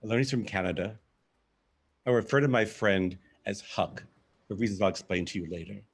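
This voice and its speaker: A man with a low, husky voice reads his own story aloud in a live theatre piece. He tells it expressively, in the first person, as a monologue. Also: brisk.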